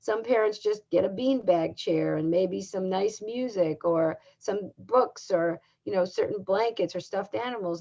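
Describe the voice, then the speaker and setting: Calm older woman with a gravelly voice. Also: medium pitch. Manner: calm, measured, instructive. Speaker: parenting educator. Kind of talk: recorded talk. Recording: dull lo-fi sound.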